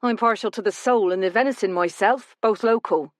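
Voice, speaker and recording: A woman's voice: medium pitch, a little fast, no room sound, studio quality, pitched above the performer's own voice, lightly acted. A woman voicing a polite male restaurant waiter with a courteous manner.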